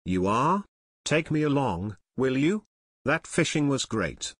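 A man's voice: mid-range voice, very animated, slow, a bit bright, breathy edge, no echo, studio quality, full character voice. A man voicing a chubby, self-important teenage boy who complains, in a read-aloud story. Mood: whiny.

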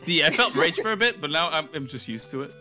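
Fast, bright-voiced excitable man. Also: a little high, soft background music. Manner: excitable, teasing banter. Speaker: streamer playing a co-op game. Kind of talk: casual gaming chat.

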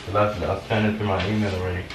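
A man's voice: deep voice, flat delivery, fast, recorded from a distance. A young man filming a prank at home, repeating apologies and swearing often. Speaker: prankster, channel co-host. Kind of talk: prank video, casual chat. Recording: roomy, off-mic home camera with faint noise.

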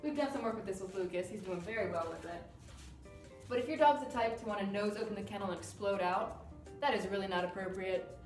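A woman dog trainer explaining crate training in a calm, firm way while working with a dog. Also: medium pitch, fairly quick. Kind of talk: instructional demonstration. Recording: roomy sound from a distance with music.

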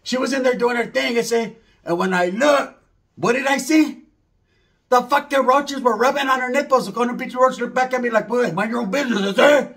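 A man's voice: extremely high pitch, normal speed, fairly bright tone. A man doing a rambling, slangy comedy monologue, mixing in Spanish words.

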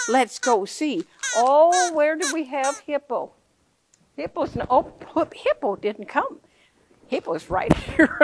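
A woman reading a picture book aloud to children, playful and full of questions for her listeners. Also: sits high.

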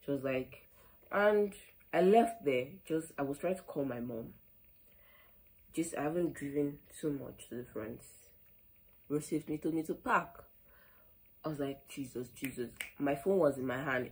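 A young Nigerian woman with a Nigerian accent, telling an animated storytime vlog, full of quoted back-and-forth and "like". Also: low voice, moderate pace, rough recording. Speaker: vlogger.

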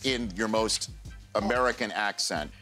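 A man with a fairly low voice hosts a sports talk radio show. His manner is upbeat and casual. He introduces guests and jokes with them. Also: a little slow, pushed and bright, faint music behind. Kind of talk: casual interview chat.

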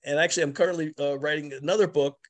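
A man, an author and historian, giving a virtual book talk over a video call. He speaks haltingly, with frequent restarts and fillers. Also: fairly high pitch, steady tone. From the Bronx, New York.

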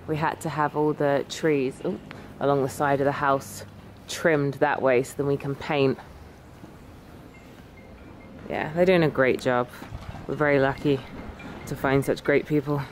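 A woman talking casually to her camera in a garden, chatty and excitable, laughing often. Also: extremely low pitch, moderate pace. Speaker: vlogger. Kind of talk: casual home vlog. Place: outdoors in a garden. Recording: echoey with loud background noise.

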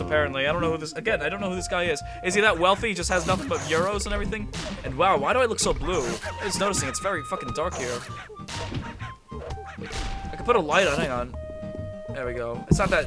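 A man commentating a game he is playing, excitable and profane, often shouting at the screen. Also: on the high side, quick pace, over music. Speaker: gamer. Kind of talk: profane let's-play commentary.

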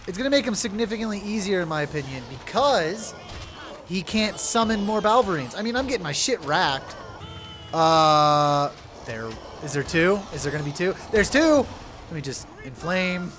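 A young man giving loud, profane let's play commentary, yelling at his game companion. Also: high voice, moderate pace, faint music behind. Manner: excitable, swears loudly, yells at his companion. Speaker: gaming video creator.

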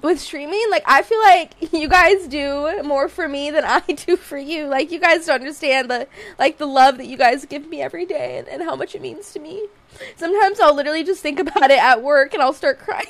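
A woman's voice: high-pitched, brisk, soft background music. A woman streamer reacting on stream, crying and laughing as she breaks off mid-sentence. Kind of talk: emotional live-stream reaction.

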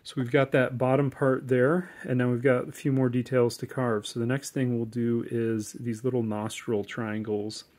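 A man's voice: medium pitch, moderate pace, few pauses. Male woodcarving instructor, casual and chatty, medium voice, home tutorial. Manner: relaxed, chatty, corny jokes, many fillers.

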